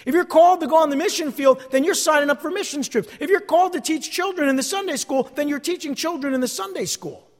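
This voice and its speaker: A pastor preaches with a notably high male voice, hammering key phrases and dropping to near-hushed asides between louder declarations. His words ring out in a church sanctuary with a long trailing reverb. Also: fast talker, hardly any pauses. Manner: emphatic preaching, repeating phrases, swinging from loud to hushed. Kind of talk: sermon.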